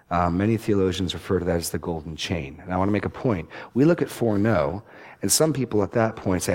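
Low-voiced man teaching scripture. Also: darkish tone. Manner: deliberate, emphatic scripture reading. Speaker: Bible teacher. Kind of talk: expository Bible teaching.

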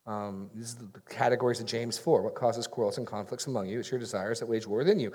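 A man's voice: mid-range voice, steady tone, quick pace, hardly any pauses, a little mellow, slightly rough. Conversational man preaching a sermon. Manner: conversational, self-deprecating, acts out dialogue. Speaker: pastor. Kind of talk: sermon with audience Q&A.

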